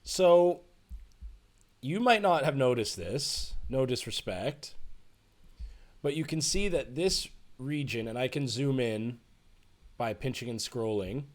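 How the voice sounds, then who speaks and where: A man teaching music production in a relaxed, chatty tutorial, thinking aloud as he works. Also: medium pitch, takes it slowly, long pauses. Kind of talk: screen-share tutorial.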